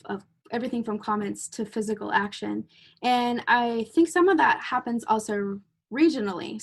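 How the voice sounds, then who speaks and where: A woman's voice: a little high, gravelly, breathy edge. A woman host and clinician in a casual podcast conversation, a chatty storyteller who laughs easily.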